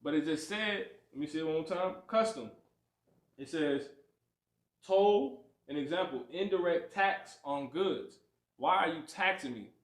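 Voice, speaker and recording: Animated man teaching scripture, echoey room. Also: on the high side, unhurried. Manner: preachy, repeats "you see" and "you know what I'm saying", animated swings. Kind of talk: livestreamed Bible lesson.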